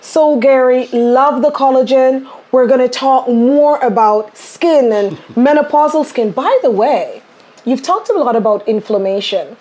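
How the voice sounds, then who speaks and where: Female podcast host, a little higher voice, lively and upbeat in conversation. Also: unhurried. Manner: enthusiastic, animated storyteller.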